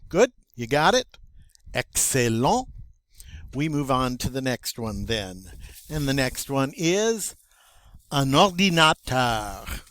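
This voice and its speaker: An older man, teaching French vocabulary in a slow, patient, folksy way, drawing out each word. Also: mid-range voice, sing-song, no echo. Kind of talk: recorded vocabulary lesson.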